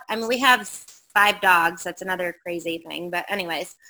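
A middle-aged woman with a bright, lively tone tells a ghost story in casual conversation. She rambles with fillers and slips into the voices of the people she quotes. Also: lowish voice, normal speed, low-quality recording. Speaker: guest telling a ghost story.

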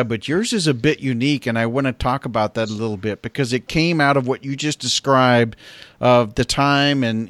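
A man's voice: medium pitch, no echo. An American man hosting a podcast interview, asking questions and summarizing in a friendly, loose way. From United States. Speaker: podcast host. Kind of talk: conversational interview.

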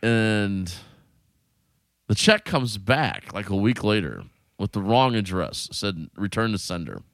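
Man, lively swooping pitch, dry close sound, casual storytelling, swears a lot, acts out quotes. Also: takes it slowly, no room sound. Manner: animated, profane, acts out quotes.

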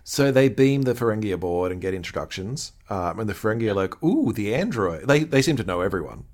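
A man co-hosting a podcast in relaxed casual chat, recapping an episode with plenty of fillers. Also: on the low side, fast talker. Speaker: podcast co-host.

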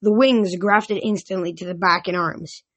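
A woman's voice: on the low side, steady tone, moderate pace, a bit bright. A woman reading a novel aloud, stumbling now and then and restarting words. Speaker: reader.

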